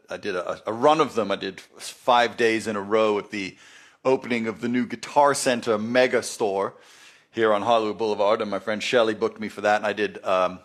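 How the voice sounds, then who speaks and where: A man hosting a music live stream, telling rambling stories with heavy swearing in a laid-back way. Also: medium pitch. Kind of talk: casual live-stream storytelling. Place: Los Angeles.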